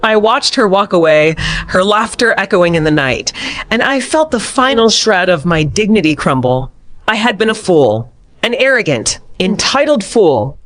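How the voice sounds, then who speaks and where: A woman narrating a scripted first-person drama story in a steady storytelling manner. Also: medium pitch, moderate pace.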